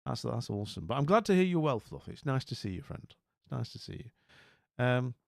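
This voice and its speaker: A man chatting on a live stream, bemused and rambling, tripping over his own restarts. His voice sits at an ordinary middle pitch. The mic is close and dry, with no room sound at all. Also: sing-song, a little fast, creaky, no room sound. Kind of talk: casual live-stream commentary.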